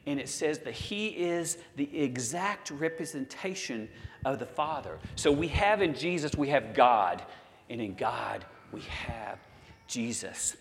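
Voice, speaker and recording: Older guy preaching, 60s, slow dramatic pauses, lots of hall reverb. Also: mid-range voice, animated, a little hiss or hum. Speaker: pastor. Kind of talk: sermon.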